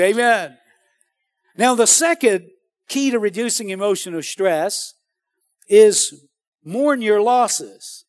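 Man, high-pitched voice, dry close mic, preaching, calls out to the crowd. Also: slow, pauses often, no echo. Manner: animated, calls out to the congregation. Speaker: pastor. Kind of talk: sermon.

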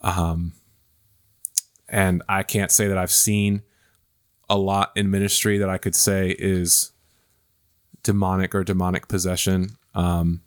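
A male pastor hosts a casual scripture discussion. His voice sits on the low side, and he muses through his points with frequent pauses and restarts. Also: level tone, clear, resonant tone. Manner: thoughtful, hesitant, many fillers and restarts. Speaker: pastor hosting a Bible study podcast.

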